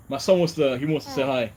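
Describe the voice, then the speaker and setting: A man's voice: medium pitch, dark tone. A young man, host of a fishing channel, talking casually in a personal vlog, rambling and repeating "you know" as he talks.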